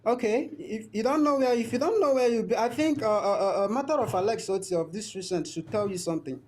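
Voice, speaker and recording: A man's voice: sits high, fast talker, a little mellow. A man with a Nigerian accent calling into a podcast debate, hesitant and full of fillers. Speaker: caller. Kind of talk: live call-in debate.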